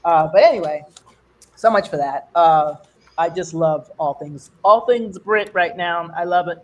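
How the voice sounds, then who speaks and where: An older woman from the US performs stand-up for an online fundraiser in a rambling, conversational style, pushing her pitch high to mimic other people's accents. She keeps a measured pace and a slightly mellow tone.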